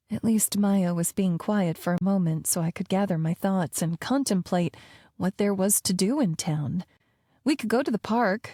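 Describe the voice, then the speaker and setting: A woman narrating a first-person romance audiobook with wry, lively storytelling on a close studio mic. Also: mid-range voice, no echo.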